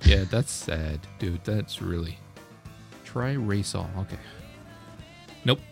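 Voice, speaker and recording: A man's voice: sits low, slow pace, creaky, faint music behind. A man co-hosting a casual gaming podcast, teasing his partner, swearing freely and laughing often. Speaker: podcast co-host.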